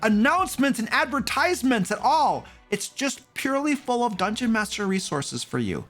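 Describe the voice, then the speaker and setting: A man's voice: very high voice, big pitch swings, moderate pace, fairly bright tone, soft background music. A man playing a goofy, rambling barbarian who hosts a stream, stammering and repeating himself in a fretful, defensive way. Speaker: stream host in a character persona. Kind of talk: comedic live-stream chat in character.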